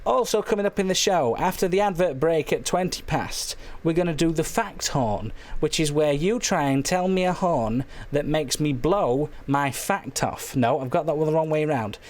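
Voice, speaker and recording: A man hosts a comic late-night phone-in, his voice pitched a little high and slightly hoarse. He rambles through absurd claims with deadpan silliness. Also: moderate pace, few pauses. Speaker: phone-in show host.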